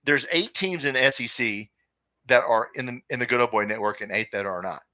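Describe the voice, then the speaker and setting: A man's voice: medium pitch, a little fast, pushed and bright, no room sound, clean studio sound. A man hosting a live sports talk stream, opinionated and rambling, reading viewer comments aloud. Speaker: podcast host.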